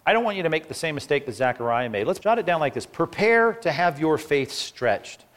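A man preaching a sermon, animated and asking rhetorical questions, acting out the people in the story. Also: fairly high pitch, brisk. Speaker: pastor.

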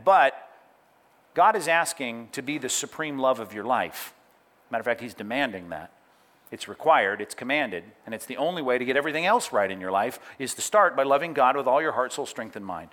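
Animated male preacher with lively pitch. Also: fairly quick. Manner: animated preaching with acted-out quotes and asides to note-takers. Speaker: pastor. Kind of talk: sermon.

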